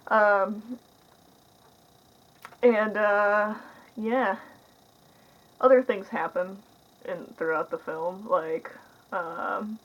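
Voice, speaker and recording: A woman's voice: mid-range voice, fairly even intonation, drawn-out words, long pauses. A young woman talks through a movie review in a loose, rambling way. She leans on filler words and adds sarcastic asides. The audio is slightly dull and lo-fi.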